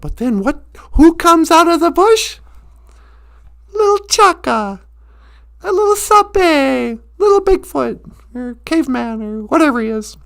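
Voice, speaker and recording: A woman telling a humorous story on a live stream, animated and joking, laughing along the way. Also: high voice, a little slow, gravelly.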